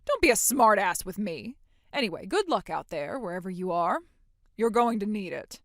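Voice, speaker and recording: A woman's voice: mid-range voice, sing-song, normal speed, a bit bright, no room sound, clean studio sound. An actress voicing a cold, scornful mother who later turns gushing and pushy in a dramatic story. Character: cold, scornful, manipulative middle-aged mother.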